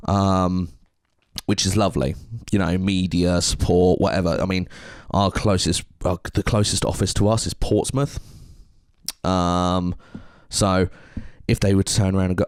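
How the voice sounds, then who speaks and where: A low-voiced English man co-hosting a casual podcast. He talks earnestly and rambles, restarting his sentences. The sound is dry and close to the mic. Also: fairly even intonation, normal speed, a little mellow, dry recording. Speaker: podcast co-host.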